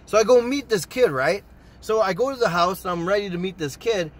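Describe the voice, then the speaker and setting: A young man telling a personal story to his channel in a casual, profane, excitable way. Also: sits high, brisk. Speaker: storytime vlogger.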